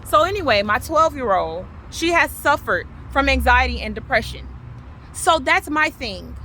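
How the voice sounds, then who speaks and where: A woman, telling her personal testimony with passion, repeating herself and swinging from loud to low. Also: big pitch swings, normal speed, a little hiss or hum. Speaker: vlogger sharing her testimony.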